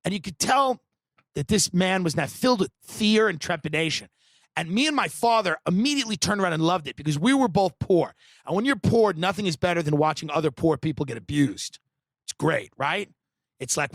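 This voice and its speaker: Speaking a little fast in a high-pitched male voice, an American comedian spins a long story on a podcast. His telling is sardonic, animated, and provocative, and the audio has no echo.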